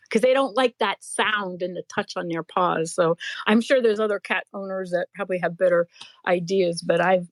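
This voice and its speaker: A woman's voice: medium pitch, no room sound. Woman rambling happily about her pets, laughy, dry room. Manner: warm, gushing, laughs while talking. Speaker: podcast co-host. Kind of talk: casual live chat.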